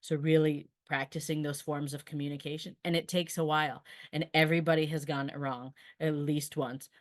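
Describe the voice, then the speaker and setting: Low-voiced woman teacher explaining earnestly. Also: flat delivery, moderate pace. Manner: earnest and explanatory, practical advice. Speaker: special education teacher. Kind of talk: webinar presentation.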